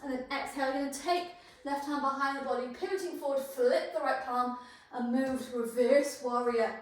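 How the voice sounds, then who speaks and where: A high-voiced woman guiding a yoga flow, cueing each pose and breath with encouragement. She is out of breath from the effort. Her voice rings through a very echoey room, picked up from a distance. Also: fairly even intonation, normal speed. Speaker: yoga instructor. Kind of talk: guided yoga class instruction.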